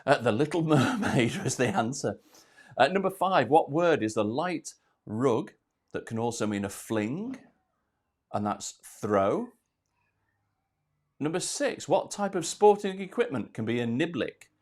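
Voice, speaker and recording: A man's voice: mid-range voice, very animated, a little slow. A man hosting a live online quiz from home, out of breath, chatty and self-deprecating as he reads out questions and answers. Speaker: quiz host.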